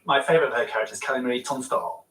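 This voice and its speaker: A man's voice: mid-range voice, rapid-fire, a bit bright. A man giving enthusiastic documentary commentary, recorded distant and roomy.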